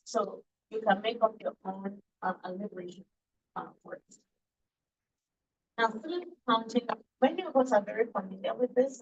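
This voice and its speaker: A woman's voice: medium pitch, rough recording. A woman teaching an early childhood education class, explaining patiently and quizzing her students in a playful way. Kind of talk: classroom lecture.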